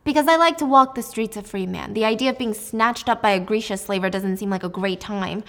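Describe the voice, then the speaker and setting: A woman's voice: mid-range voice, brisk, a bit bright, lightly acted. A woman voicing a cocky young man who gives orders and teases in a smug, bossy way. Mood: sardonic. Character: cocky, teasing young male gunslinger.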